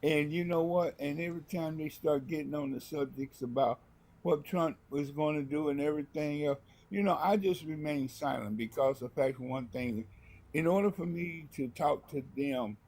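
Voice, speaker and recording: A man on a video call to a live stream, with a voice that sits a little high. He talks emphatically and rambles, tossing in "see?" as he goes. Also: normal speed, darkish tone. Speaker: caller. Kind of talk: casual chat.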